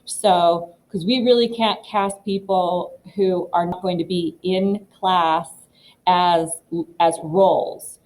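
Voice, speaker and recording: A woman's voice: lowish voice, fairly even intonation, slow, a little mellow, a little hiss or hum, low-quality recording. A woman drama teacher talking students through audition pieces in a casual, rambling way, with many fillers and restarts.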